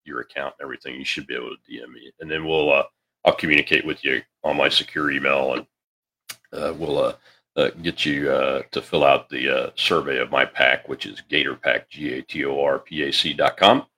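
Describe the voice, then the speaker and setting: Host, middle-aged man, very low voice, folksy and halting. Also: fairly even intonation, sharp tone. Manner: folksy, halting advice full of fillers. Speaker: show host. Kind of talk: casual call-in talk.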